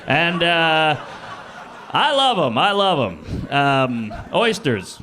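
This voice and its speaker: With slight background noise, a man's a-little-high voice comes across pushed and bright, stretching out words and swinging widely in pitch. He's doing improvised stand-up off audience suggestions in a comedy club before a live crowd, fast and crude, laughing at his own jokes.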